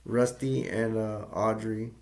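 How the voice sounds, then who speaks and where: A man's voice: fairly low pitch, flat delivery, takes it slowly, a little mellow. A man casually retelling a movie's plot as a reviewer, rambling with restarts and loose asides.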